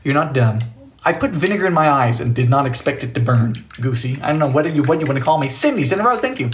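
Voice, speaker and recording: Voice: quick pace, slight background noise. A young adult baking on a live stream, chatting casually and reading out messages from viewers. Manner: chatty, reads out and answers chat messages; animated, sudden high exclamations. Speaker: livestreamer.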